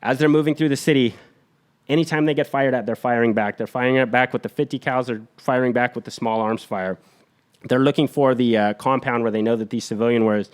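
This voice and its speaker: Fast-talking man telling a war story. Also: mid-range voice, clear, resonant tone. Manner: energetic, blunt, profane. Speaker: podcast host storyteller. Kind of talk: animated war story retelling.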